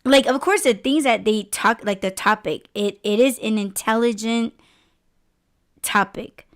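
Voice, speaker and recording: Slightly high-voiced woman podcast host. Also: a little slow. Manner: rambling, profane, animated storytelling. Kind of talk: casual podcast chat.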